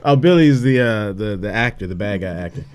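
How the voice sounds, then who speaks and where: Animated man chatting casually on a podcast. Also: lowish voice, fairly quick, clean tone, no room sound. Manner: laughs often, repeats words and restarts. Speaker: podcast co-host. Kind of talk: casual movie chat.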